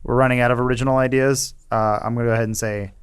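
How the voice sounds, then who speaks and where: A man's voice: mid-range voice, level tone, very fast, clean tone. A man chatting casually on a panel podcast, rambling and restarting his sentences as he thinks aloud. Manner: rambling, self-interrupting. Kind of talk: casual chat.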